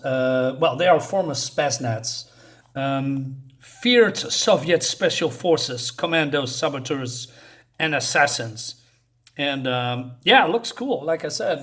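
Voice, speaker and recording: A man casually reviewing a comic book, walking through the panels with lots of fillers and little chuckles. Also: fairly high pitch. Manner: rambling, many fillers, chuckles at his own jokes.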